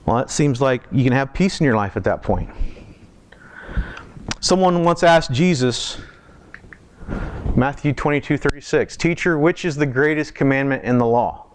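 A man preaching a sermon in a church, talking conversationally, asking the congregation questions and slowing down to stress key words. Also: expressive, slight background noise. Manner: slows down and lifts pitch for emphasis. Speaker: pastor.

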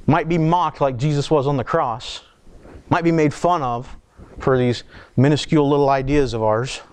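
A man's voice: a little high, moderate pace, a little mellow, clear, resonant tone. A man delivering a sermon in a conversational style, reading scripture aloud with asides and restarts. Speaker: preacher.

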